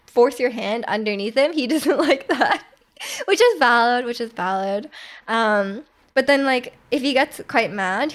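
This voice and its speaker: A woman's voice: fairly high pitch, fairly bright tone. A young woman streaming live, chatting casually with viewers, giggling and restarting her sentences often. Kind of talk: casual chat reading viewer comments.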